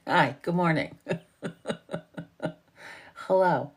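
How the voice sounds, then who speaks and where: Chatty, low-voiced New York woman. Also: a little slow, long pauses. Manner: chatty, swears freely, animated storytelling. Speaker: livestream host. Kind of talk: casual morning livestream chat.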